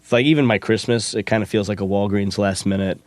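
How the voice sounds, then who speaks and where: Deadpan male podcast co-host with a low voice and dry, close sound; plays absurd bits completely straight. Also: quick pace, dry recording. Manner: deadpan, spins absurd stories with a straight face. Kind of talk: comedic podcast banter.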